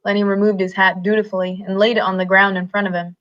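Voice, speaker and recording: A woman reading a novel aloud at a steady, unhurried pace, in a slightly muffled recording. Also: mid-range voice. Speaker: reader.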